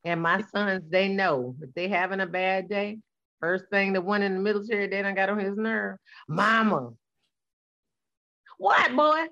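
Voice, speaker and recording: A woman's voice: mid-range voice, steady tone, normal speed, a bit bright. Guest, woman in her forties, blunt and sassy, colloquial delivery, slightly dull recording. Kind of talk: casual conversation.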